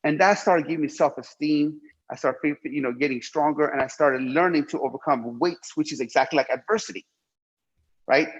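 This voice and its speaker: A man's voice: a little high, a little fast, breathy edge, highs cut off. A middle-aged man from Iran telling his life story emphatically in an interview, repeating himself and swearing freely. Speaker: guest.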